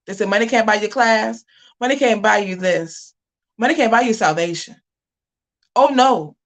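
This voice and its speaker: A woman hosting her own livestream, delivering a preachy, scolding rant. She hammers her points by repeating phrases, with animated swings in her delivery, in a middle-pitched voice. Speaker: channel host on a livestream. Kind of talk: casual livestream commentary.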